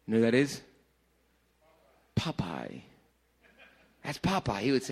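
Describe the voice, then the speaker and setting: A man preaching a sermon to a congregation in a church, animated and joking with the crowd as their pastor. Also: mid-range voice, moderate pace, creaky, pauses often. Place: church service before a congregation.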